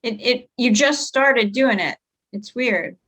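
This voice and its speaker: A woman's voice: on the high side, slow pace, a bit bright, rough recording. A woman facilitating a group discussion on a video call, conversational and thinking aloud with fillers as she talks.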